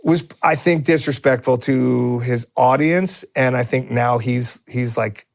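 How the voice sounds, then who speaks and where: A man's voice: mid-range voice, a little slow, creaky. A man co-hosting a podcast in a studio, rambling in casual chat with many restarts and fillers. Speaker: podcast co-host.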